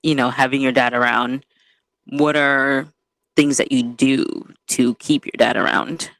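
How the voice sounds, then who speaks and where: A woman co-hosting a podcast in casual chat, talking in a relaxed, unhurried way with frequent laughter and slangy asides. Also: very deep voice, dry recording. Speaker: podcast co-host.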